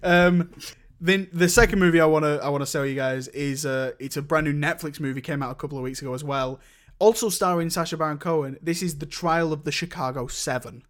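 A man's voice: on the high side, brisk, few pauses. A young man in casual chat, reviewing films with a rambling manner and many restarts. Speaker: podcast co-host reviewing films.

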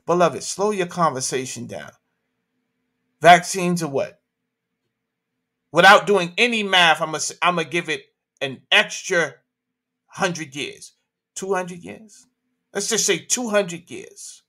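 A man holds forth on his livestream, throwing out rhetorical questions and street slang. His voice sits fairly high for a man and comes out hard, bright and pushing. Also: a little slow, long pauses. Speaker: livestream host. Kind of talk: animated opinion talk.

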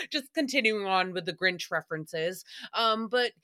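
A young woman hosts a chatty podcast recap with a bright, fairly high voice. She tells gossip animatedly, laughing often and swearing freely. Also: huge pitch swings, slow pace. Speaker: podcast host. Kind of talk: casual chat recap.

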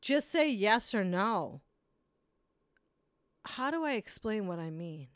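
Young adult woman, podcast host, blunt and frank, swears freely, dry close sound, mid-pitched. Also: sing-song, takes it slowly, clean tone, no echo. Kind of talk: casual solo rant.

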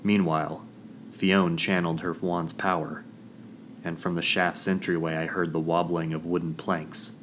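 A man narrating a first-person fantasy audiobook in a measured, dramatic storytelling manner. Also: sits low, little pitch movement, fairly bright tone, a little hiss or hum.

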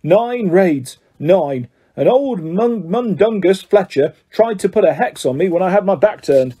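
A man's voice: high voice, animated, a little slow, warm tone, husky, voice pushed up, full character voice. A man voicing a tired, mild middle-aged wizard father who mumbles and stammers when caught out. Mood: weary, flustered. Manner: tired, mumbling, then flustered.

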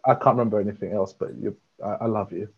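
A man in his twenties, hosting and telling stories in a playful, animated way among old friends. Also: fairly low pitch, racing. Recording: dull lo-fi sound.

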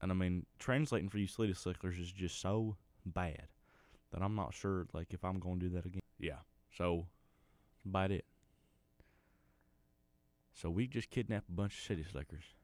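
A man's voice: sits low, normal speed, darkish tone, no echo. A middle-aged man with a Southern US accent, hosting a podcast in a folksy, rambling, mock-earnest comedic monologue. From Arkansas. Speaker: podcast host.

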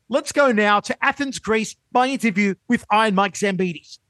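A man co-hosting a sports show, telling stories in an animated way with fast bursts of speech. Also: sits high, no room sound. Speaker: show co-host and interviewer. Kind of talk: casual sports show chat.

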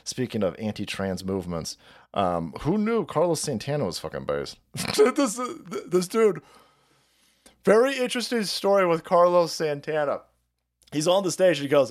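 A man's voice: on the high side, sing-song, moderate pace. A man hosting a political livestream, ranting in a profane, combative and sarcastic way. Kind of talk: ranting commentary.

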